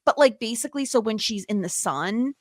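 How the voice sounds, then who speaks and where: A woman's voice: fairly high pitch, fairly quick, dry recording, studio quality. Chatty woman podcast co-host. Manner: chatty, self-deprecating, animated. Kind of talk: casual chat.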